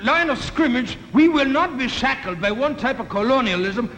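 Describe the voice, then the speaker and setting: A man's voice: extremely high pitch, lively intonation, pushed and bright, a little hiss or hum, voice pushed up, exaggerated voice. A man doing a pompous grandiose diplomat. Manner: slow, grandiose, halting speech. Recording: echoey old television broadcast.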